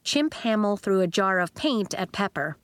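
At a normal speed and medium pitch, a woman narrates a children's book expressively, giving the characters individual voices. There's no echo.

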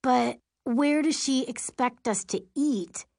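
A woman's voice: medium pitch, measured pace, no echo, studio quality, close to an everyday voice. A woman voicing a theatrical, indignant teenage student.

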